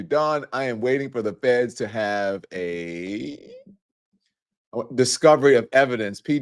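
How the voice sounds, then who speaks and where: Male show host, lively swooping pitch, chatty, joking asides while reading aloud. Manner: reads a document aloud with chatty asides to viewers; playful, quick to crack jokes. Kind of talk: live news commentary talk show.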